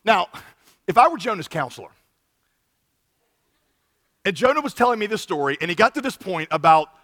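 A pastor preaching a sermon in an animated way, acting out quoted lines with big swings in volume. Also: male voice, sits high, a little fast, long reverb tail.

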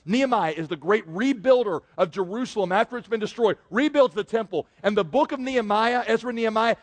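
A man preaching a sermon as pastor, swinging from quiet, slow emphasis to loud bursts. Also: sits high, big-room sound.

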